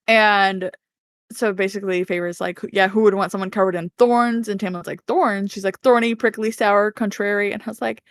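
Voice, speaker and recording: A woman's voice: medium pitch, sing-song, normal speed, dry recording, studio quality. A woman co-hosting a podcast, telling a book's plot casually and acting out characters' lines with laughter. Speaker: podcast co-host. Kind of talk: casual book recap chat.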